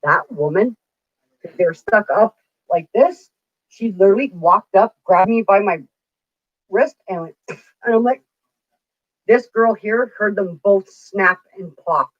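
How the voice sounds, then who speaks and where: Taking her time and pausing often, a livestream host in her forties chats casually in a mid-range voice, her stories blunt and full of profanity. The lo-fi recording is dull and dry, without echo.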